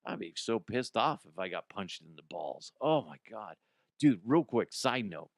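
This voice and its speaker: A man who is a radio host, telling a casual comedic story, animated, swearing and laughing as he talks. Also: lowish voice, unhurried, gravelly, dry recording, studio quality. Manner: animated, swearing, laughs often, slips into voices.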